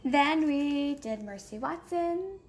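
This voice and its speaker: A woman chatting casually on camera as a homeschooling parent, hurried and rambling with many filler pauses. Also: high voice, lively intonation, a little hiss or hum. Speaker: homeschooling parent reviewing books. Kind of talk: casual vlog chat.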